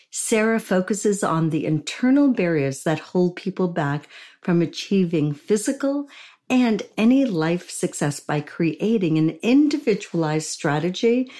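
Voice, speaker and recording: A woman's voice: on the low side, a little mellow. Woman hosting a podcast, gushy and emotional, chats a lot. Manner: gushing, emotional, chatty. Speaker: podcast host. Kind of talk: effusive podcast interview.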